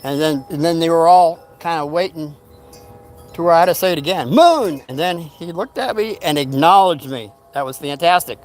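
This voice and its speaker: A man's voice: on the high side, brisk, soft background music. An older man casually telling a rambling story from his youth, acting out what people said. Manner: rambling, animated retelling with acted-out quotes.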